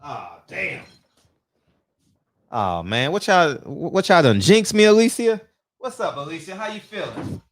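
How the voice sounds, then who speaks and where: A male livestream host talking in loose, profane casual chat, calling out viewers one by one. His voice sits a bit high for a man. It comes across dry and close, with no room sound around it. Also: big pitch swings, measured pace, pauses often, no echo.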